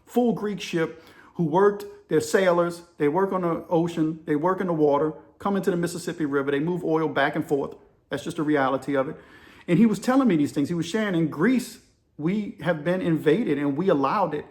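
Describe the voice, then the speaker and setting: A man's voice: on the high side, brisk, a little mellow. A man talking casually and persuasively to his viewers, calling them y'all as he hosts his own channel. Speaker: channel host. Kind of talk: casual opinion monologue to camera.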